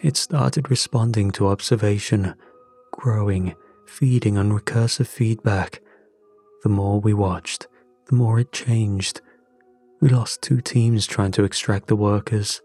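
A man voicing a pale, exhausted male scientist in his fifties who speaks in a hushed, strained voice that catches. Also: on the low side, fairly even intonation, measured pace, soft background music. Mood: hushed, shaken.

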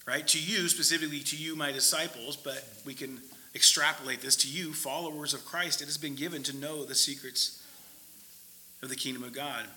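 Bright-voiced, high-pitched male preacher. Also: a little fast, rough recording. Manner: conversational, checks in with the listeners. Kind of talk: conversational sermon.

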